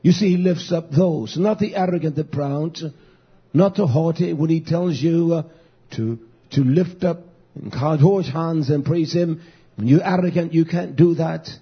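A preacher in full sermon, a man whose voice sits high and comes out gravelly and husky. He drawls his points out slowly and swells into shouts as he exhorts the congregation. The recording is dull and lo-fi.

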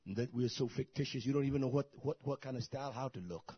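A man preaching a sermon, who swings from soft, murmured asides to loud, shouted bursts. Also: medium pitch, quick pace, breathy edge, dry recording, highs cut off.

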